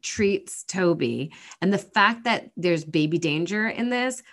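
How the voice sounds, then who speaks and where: A woman's voice: fairly low pitch, animated, unhurried. A woman co-hosting a podcast in casual chat, earnest and rambling, with many fillers. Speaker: podcast co-host.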